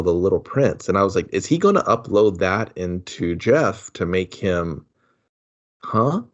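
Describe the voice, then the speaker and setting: Young guy on a movie podcast, deep voice that jumps all over, sarcastic and swears a lot, muffled lo-fi audio. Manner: animated, sarcastic, swears a lot, acts out what he thought. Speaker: podcast co-host. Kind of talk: casual movie review chat.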